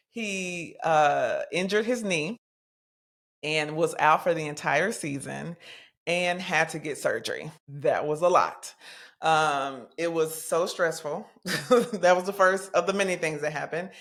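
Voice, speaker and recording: A woman of about forty hosting a podcast, talking in a chatty, animated way with plenty of casual slang, as if catching up with friends. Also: low voice. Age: 40s. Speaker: podcast host.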